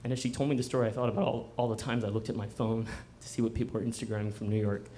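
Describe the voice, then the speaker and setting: A man's voice: on the low side, level tone, racing, dark tone, slight background noise. A man telling a personal story at a live bookstore story slam, conversational and self-mocking, often slipping into laughter. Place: bookstore event before a live audience.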